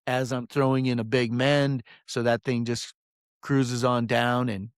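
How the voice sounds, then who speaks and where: A man who works as a fishing guide tells a story in a casual, rambling monologue. He swears freely and fills his pauses with "um". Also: mid-range voice, little pitch movement, smooth, no echo, studio quality. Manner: rambling, profane, many "um"s.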